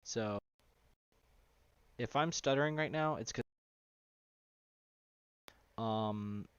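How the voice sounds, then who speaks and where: A man talking loosely through a live-streamed software tutorial, with lots of fillers and asides. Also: medium pitch, extremely slow, clean tone, dry recording. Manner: loose and rambling, with many fillers. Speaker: live streamer teaching 3D simulation. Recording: dull, lo-fi sound.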